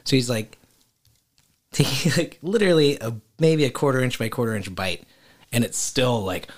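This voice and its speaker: A man's voice: medium pitch, moderate pace. Chatty guy telling a story, keeps saying like, casual hangout talk. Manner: animated storyteller, heavy filler "like", laughs often. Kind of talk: casual chat.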